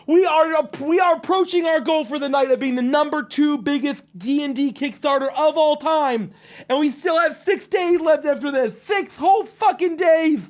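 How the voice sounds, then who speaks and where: A man putting on a goofy clown character with a put-on accent, hosting a livestream in an excitable, loud way. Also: extremely high pitch, normal speed, voice pushed up. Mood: gleeful. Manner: excitable and loud, with shrieking exclamations. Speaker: livestream host.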